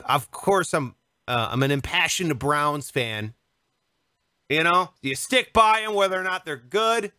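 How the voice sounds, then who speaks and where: A young man co-hosting a podcast, telling a story in a casual, animated, joking way and acting out what people said. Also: fairly high pitch, unhurried, clean tone, no echo, studio quality. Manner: animated, jokey, acts out quotes. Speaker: podcast co-host.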